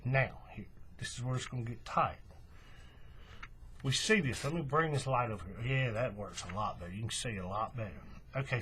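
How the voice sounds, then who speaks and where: A man explaining a craft step by step in a relaxed, folksy way. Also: medium pitch, slight background noise. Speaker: craft tutorial host. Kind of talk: hands-on tutorial walkthrough.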